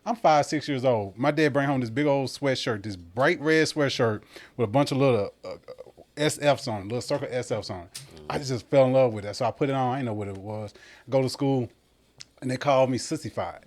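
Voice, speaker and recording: A man, telling lively childhood stories as a podcast guest. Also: medium pitch, a little fast. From Memphis, USA. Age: 40s. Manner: animated, acts out other people's voices. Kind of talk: casual storytelling.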